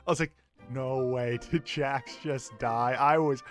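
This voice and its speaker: A man's voice: mid-range voice, measured pace, faint music behind. A young man giving rambling let's play commentary from a small home office, chatting to viewers and his dog. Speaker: gaming YouTuber.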